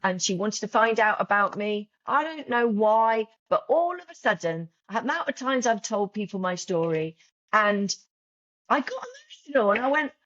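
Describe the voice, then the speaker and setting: In this emotional, casual podcast interview, a woman who makes journals speaks from the heart, repeatedly restarting sentences and repeating words. Her mid-range voice has lively intonation, a slightly bright quality, and a moderate pace. The sound is dull, with no room sound.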